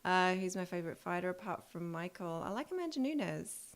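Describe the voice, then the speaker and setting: A woman's voice: lowish voice, sing-song, a little fast. A woman taking over a home live stream, casually and a bit unsurely answering viewers' questions. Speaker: stand-in stream host.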